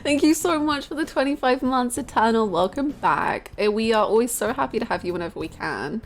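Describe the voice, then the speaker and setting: A woman's voice: on the high side, animated, a little fast. A woman streamer chatting casually and rambling, giggling as she gushes over a game character. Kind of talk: casual live-stream chat.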